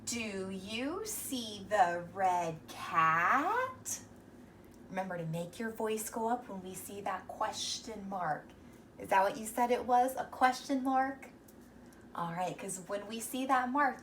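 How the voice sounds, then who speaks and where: A woman's voice: medium pitch, slight background noise. Encouraging woman teacher, slightly distant mic. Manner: slow, encouraging, sounding out words sound by sound. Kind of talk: reading lesson for young children.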